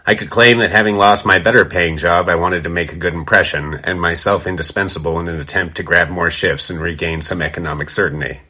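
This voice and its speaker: A man's voice: low voice, fairly even intonation, fairly quick, few pauses, bright, forceful tone. A man from Denver, a bartender, reading his written story aloud in a wry, literary, emphatic way. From Denver, USA. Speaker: bartender, listener contributor.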